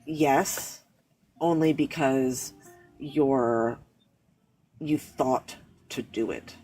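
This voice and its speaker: A man's voice: medium pitch, very slow, a little mellow, soft background music, low-quality recording. A man, a guest on a live talk show, explaining his spiritual beliefs in an earnest, rambling way with many restarts. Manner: earnest, rambling, self-correcting. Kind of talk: casual discussion.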